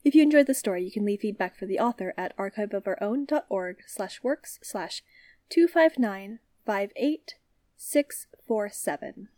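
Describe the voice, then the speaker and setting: A woman reading fan fiction aloud as a podfic reader, in a calm, even storytelling manner. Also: medium pitch, moderate pace, no echo.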